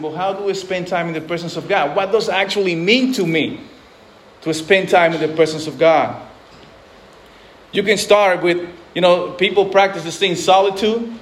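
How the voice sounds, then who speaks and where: High-voiced earnest male preacher. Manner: earnest, repeats words and restarts, acts out voices in quotes. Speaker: pastor. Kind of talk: sermon.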